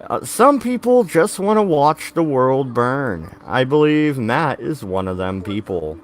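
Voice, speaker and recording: A man co-hosting a casual podcast chat, with a wry, deadpan, monotone delivery. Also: mid-range voice, unhurried, slight background noise. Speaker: podcast co-host.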